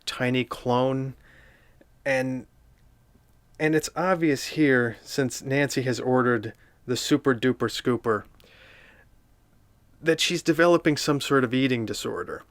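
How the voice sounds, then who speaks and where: A man doing a deadpan comedic review of a picture book, with dry, sardonic, rambling asides. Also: mid-range voice, a little slow, pauses often, no room sound.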